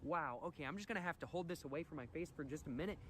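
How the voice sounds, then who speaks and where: Fast-talking mock-earnest man. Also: fairly high pitch, a bit bright, slight background noise. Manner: mock-earnest, repeats catchphrases. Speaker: video creator. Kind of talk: deadpan vlog narration.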